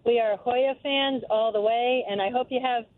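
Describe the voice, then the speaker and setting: A woman's voice: fairly high pitch, steady tone, moderate pace, no echo. Gushing female caller on a tinny phone line. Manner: friendly, gushing fan. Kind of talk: phone call to a radio show. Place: in a car while driving.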